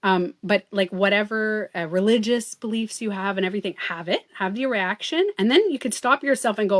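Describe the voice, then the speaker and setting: A woman's voice: medium pitch, a little fast, few pauses. A woman hosting a casual livestream, talking earnestly and full of fillers. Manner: chatty and earnest, many fillers like "like" and "you know". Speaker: livestream host and beauty coach.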